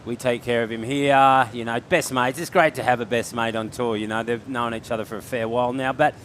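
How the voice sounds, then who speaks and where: A man's voice: medium pitch, steady tone, fairly quick, a bit bright, slight background noise. Chatty Australian man telling a story. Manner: chatty storyteller, laughs often. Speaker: surf commentator. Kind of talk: live sports commentary banter.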